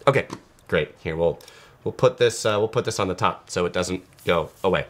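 A man hosting a travel livestream, talking casually and answering viewer comments, with a relaxed, chatty delivery full of "uh" fillers. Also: low-pitched, normal speed. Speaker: travel channel host.

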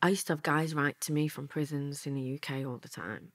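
A woman's voice: low voice, fairly even intonation, fairly quick, no echo. Chatty Lancashire woman, dry close sound. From England. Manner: chatty, laughing, acts out quotes. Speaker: guest. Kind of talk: candid storytelling interview.

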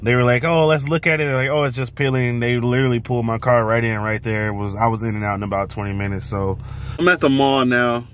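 A man's voice: medium pitch, steady tone, fast talker. A young man vlogging casually from his car, talking in loose, slangy chat with plenty of fillers. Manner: laid-back slangy talk, loose fillers. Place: driving in a car and outdoors. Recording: loud road noise behind. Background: car and street noise.

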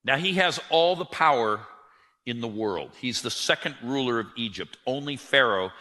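A man delivers a sermon in a bright, forceful voice, telling the story with animation and acting out the lines of the people in it. His voice rings with the long reverb of a large hall. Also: medium pitch, normal speed. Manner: animated storyteller who acts out quotes. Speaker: preacher.

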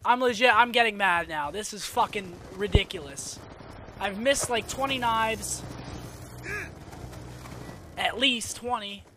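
A young man commentating live over his own shooter match, excitable and swearing, flaring into frustrated outbursts. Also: high-pitched, measured pace, long pauses. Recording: noisy game sound underneath. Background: game gunfire and effects.

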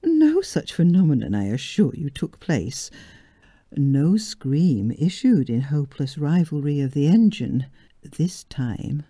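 A woman reading a romantic story aloud in a slow, expressive manner. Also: deep voice, slightly rough, dry recording, studio quality. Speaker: story reader.

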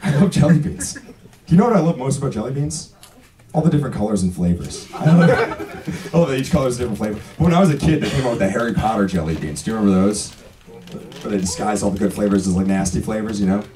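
A man's voice: lowish voice, animated, fast talker. A young man hosting a comedy club, telling stand-up jokes in a casual, laughing way. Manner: laughing often, casual, says "dude" a lot. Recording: distant mic, loud crowd. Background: crowd.

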